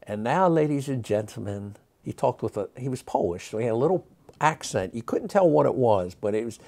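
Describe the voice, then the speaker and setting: A man in his sixties, a magic historian, telling stories in an interview, animated and rambling with many fillers and restarts. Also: mid-range voice, fairly quick, gravelly. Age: 60s. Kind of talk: interview storytelling.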